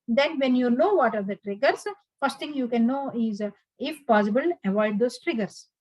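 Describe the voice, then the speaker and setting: A woman's voice: on the high side, normal speed, a little mellow, dry recording, poor audio. A woman giving an earnest advice lecture, full of fillers and restarts. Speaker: instructor.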